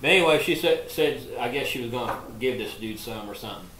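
A man's voice: mid-range voice, expressive, quick pace, a bit bright. A man on a podcast telling a long, crude story in a rambling way, full of profanity and "like". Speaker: podcast co-host. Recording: echoey room with faint noise.

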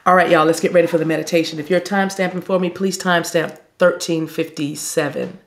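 A woman who works as a spiritual reader gives a talk and leads a guided meditation, speaking slowly and soothingly in drawn-out phrases. Her voice is lowish, with fairly even intonation.

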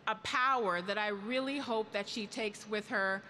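A woman's voice: mid-range voice, normal speed, pushed and bright, in a large hall, slight background noise. A middle-aged woman and union leader giving a rousing convention speech, drawing the crowd in with call-and-response questions. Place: large convention hall.

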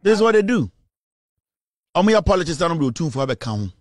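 A man's voice: fairly high pitch, very animated, fast talker, dry recording, clean studio sound. A man with a Ghanaian accent giving a scornful political commentary rant, hurling insults. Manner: scornful, insulting, mocking laughter.

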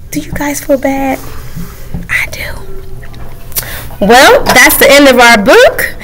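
Animated high-voiced woman reading aloud. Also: slow, pauses often. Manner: expressive storytime delivery, talks to listeners directly. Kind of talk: reading a picture book aloud.

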